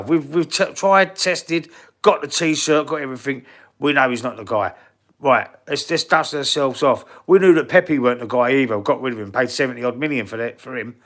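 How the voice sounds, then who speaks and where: A man's voice: on the high side, fairly bright tone. A man with a Cockney accent hosting a casual football live stream, blunt and swearing freely as he answers the chat. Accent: London Cockney. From England.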